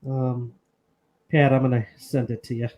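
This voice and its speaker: A man co-hosting a casual chat, excitable and quick with exclamations. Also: mid-range voice. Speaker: co-host.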